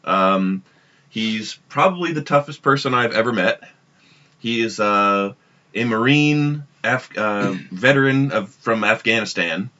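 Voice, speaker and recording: A man's voice: lowish voice, measured pace, pushed and bright. A man co-hosting a casual podcast, telling a long story in a rambling way with frequent restarts. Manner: rambling, self-interrupting storyteller. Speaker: podcast co-host. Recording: dull lo-fi podcast audio.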